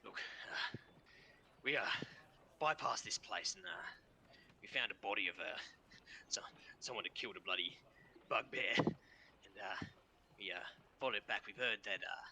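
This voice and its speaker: A man's voice: on the low side, normal speed, long pauses, sharp tone, slight background noise. An Australian man voicing a surly, tied-up male prisoner who grumbles and mutters, over an online call. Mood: grudging. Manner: grumbling, hesitant, drops to a mutter.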